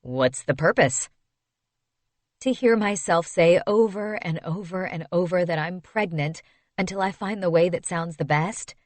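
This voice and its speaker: A woman narrating a first-person story in an expressive, wistful storytelling manner. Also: lowish voice, moderate pace, no echo. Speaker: audiobook narrator.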